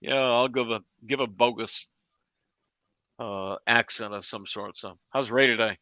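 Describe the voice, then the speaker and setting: Male podcast co-host, bright tense voice, dry sound, rambling. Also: medium pitch, fairly even intonation, unhurried, no echo. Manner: laughing, rambling with repeats. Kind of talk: casual chat.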